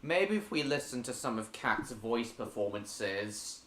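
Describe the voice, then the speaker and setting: Slow, bright-voiced man hosting a stream. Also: medium pitch, animated, roomy sound, slight background noise. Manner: reads viewer messages aloud and answers them. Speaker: live-stream host. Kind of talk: casual live-stream chat.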